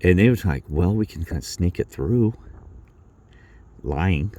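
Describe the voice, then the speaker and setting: A man telling a rambling work story in casual talk, acting out his coworkers' lines in a higher voice. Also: animated, a little slow, warm tone. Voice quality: low gravelly voice. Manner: rambling, acts out coworkers' lines with raised pitch.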